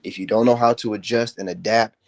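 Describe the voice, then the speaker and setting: A man delivering a confrontational, mocking commentary rant in slangy speech, his voice climbing higher in heated outbursts. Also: fairly even intonation, fairly quick. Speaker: self-help commentator. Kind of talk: ranting commentary.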